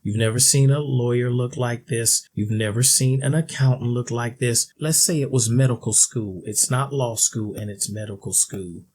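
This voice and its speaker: A man's voice: medium pitch, normal speed, hardly any pauses, a little mellow, a little hiss or hum. A man ranting in a video commentary, blunt and sarcastic, with a mocking edge.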